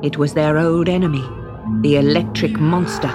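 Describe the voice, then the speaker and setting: A woman narrating a children's story slowly and expressively. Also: low voice, fairly even intonation. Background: background music.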